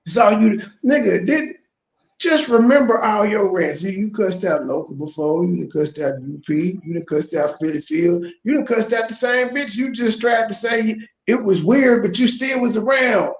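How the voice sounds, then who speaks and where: Man, commentary host, high voice, mocking, profane, echoey room. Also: lively intonation, normal speed. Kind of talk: reaction commentary.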